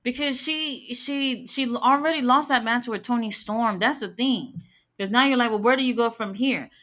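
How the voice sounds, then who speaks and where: A woman's voice: fairly high pitch, moderate pace, a bit bright. A woman hosting a live wrestling watch-along, chatting casually, reading out chat messages and giving blunt, opinionated takes with the odd curse word.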